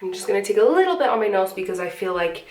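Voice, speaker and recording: A young woman with a cold, a beauty vlogger, talks rapid-fire in a mid-range voice through a makeup tutorial, sniffling along the way. Her chat is relaxed and filler-heavy, and she is far from the mic, slightly off-mic in an echoey room.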